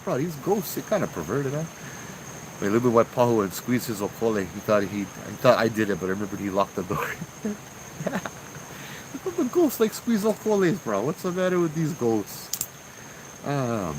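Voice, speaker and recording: A relaxed man with a Hawaiian Pidgin accent hosts a ghost-story stream and chats casually with viewers. His voice rises and falls in a lively way, and he laughs often. Crickets and faint outdoor night noise sit behind him. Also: fairly low pitch. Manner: laid-back, laughing, chatty. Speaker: ghost-story channel host.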